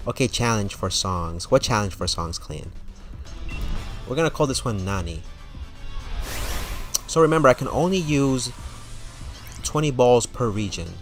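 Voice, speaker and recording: A man's voice: on the low side, fairly bright tone. A man streaming a game and chatting casually with his viewers, laughing often. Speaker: gaming streamer. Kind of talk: casual live-stream chat.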